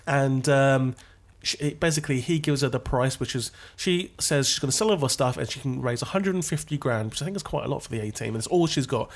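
Man, animated storytelling. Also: mid-range voice, quick pace. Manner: animated storyteller, recounting scenes. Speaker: podcast co-host. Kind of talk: casual podcast chat.

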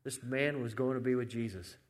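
A man's voice: medium pitch, brisk. A man earnestly retelling a Bible story in a conversational faith discussion, quoting scripture as he goes.

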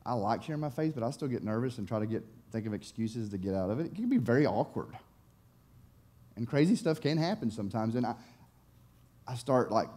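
A young man, a youth pastor, preaching and telling a story with excited, animated delivery and frequent restarts. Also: mid-range voice. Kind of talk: sermon storytelling.

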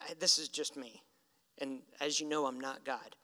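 A man's voice: mid-range voice, fairly even intonation, moderate pace, sharp tone. A man preaching a sermon in a conversational storytelling way, acting out the lines he quotes. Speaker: pastor. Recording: reverberant hall.

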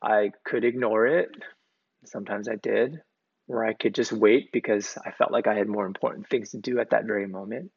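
Male pastor, measured sermon delivery with a gravelly edge; muffled, lo-fi sound. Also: fairly low pitch, fairly even intonation. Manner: deliberate, emphatic repetition of key words. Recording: dull, lo-fi recording.

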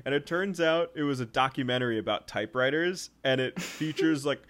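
A young man co-hosting a movie podcast in casual chat, rambling with many fillers and acting out scenes in quick voices. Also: mid-range voice, fairly bright tone. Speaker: podcast co-host.

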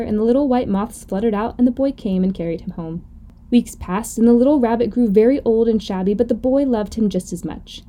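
A woman host reading a children's story aloud gently and expressively. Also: mid-range voice. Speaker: podcast host.

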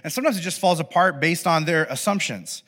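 Bright-voiced male pastor, lively storyteller with comic asides, voice on the higher side. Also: a little fast. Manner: animated storytelling, playful acted asides. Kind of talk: sermon. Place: church podcast recording.

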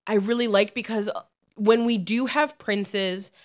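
A woman's voice: medium pitch, fairly even intonation, unhurried. A woman co-hosting a podcast in casual chat, rambling with lots of fillers and frequent laughs. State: lingering brain fog from illness. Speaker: podcast co-host.

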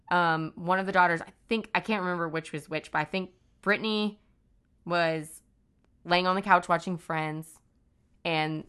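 A woman with a fairly low but bright, crisp voice narrating a story for a podcast. She talks loosely and casually, leaning heavily on "like" as she retells events. The delivery is conversational. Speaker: podcast host.

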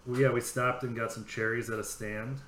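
A man's voice: mid-range voice, level tone, brisk, crowd noise. A man from California co-hosting a podcast, telling rambling stories in casual chat, swearing freely. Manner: rambling storyteller, swears freely, acts out dialogue. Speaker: podcast co-host. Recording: echoey room with faint background noise.

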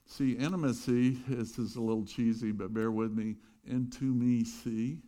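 A middle-aged pastor telling a lively story in his sermon, with chuckling asides. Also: lowish voice, moderate pace.

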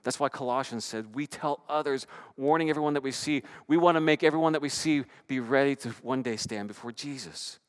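A middle-aged man preaching a sermon, telling stories in an animated way and swinging from loud to hushed. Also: mid-range voice, brisk, hardly any pauses. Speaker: pastor.

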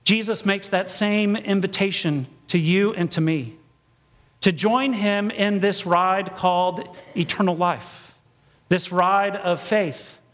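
Guy preaching in a church, really high voice, animated, does little voices for the story, lots of hall echo. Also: takes it slowly. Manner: animated, acts out dialogue in voices. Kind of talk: storytelling sermon. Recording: long echoey church reverb.

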